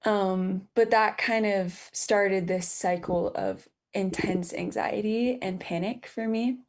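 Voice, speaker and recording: A woman in her twenties speaks as a podcast guest, sharing a personal story. She talks haltingly, with frequent fillers and restarts, and sounds close to tears. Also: medium pitch, steady tone, darkish tone. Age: 20s. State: near tears.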